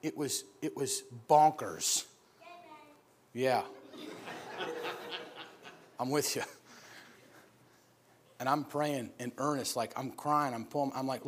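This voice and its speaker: A man preaching in a church, telling his personal story in an animated, laughing storytelling manner. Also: mid-range voice, slow pace, pauses often. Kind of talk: sermon testimony.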